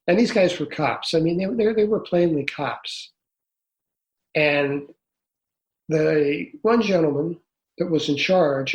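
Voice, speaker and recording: An older man in his sixties tells his story as an interview guest. He speaks earnestly and haltingly and often restarts, in a slightly raised voice. A roomy echo surrounds him. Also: a little high. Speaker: guest, author.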